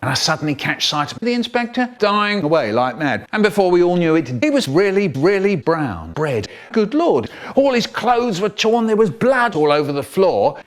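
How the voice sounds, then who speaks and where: A man telling a comic story in an animated, exaggerated way. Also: high-pitched, normal speed, few pauses.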